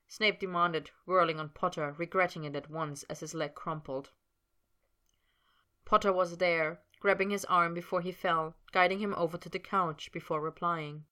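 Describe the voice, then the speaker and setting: A woman narrating a work of fiction as an audiobook, in a steady storytelling manner. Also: low voice, moderate pace.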